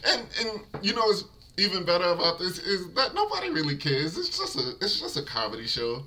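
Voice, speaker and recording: A man's voice: high-pitched, big pitch swings, fairly quick, sharp tone, slight background noise, rough recording. A man hosting a reaction video, giving laid-back commentary straight to his viewers with frequent chuckles.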